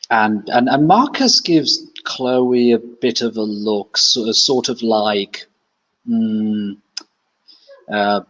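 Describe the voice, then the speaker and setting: A man's voice: mid-range voice, slow pace, hardly any pauses, fairly bright tone, muffled recording. A man playing a tabletop game, talking casually and hesitantly with many restarts. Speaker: tabletop player.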